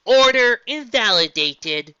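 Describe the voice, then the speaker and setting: A man voicing a cold, calm machine monster that speaks slowly in a flat, mechanical way, in a dull lo-fi recording. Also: very high-pitched, clean tone, dry recording, pitched above the performer's own voice, exaggerated voice.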